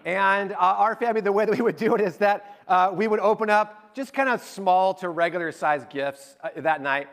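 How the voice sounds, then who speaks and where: A man in his forties, a pastor, telling a chatty, animated story in a sermon and acting out the people in it. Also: high voice, normal speed, few pauses. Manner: animated, chatty storyteller who acts out quotes.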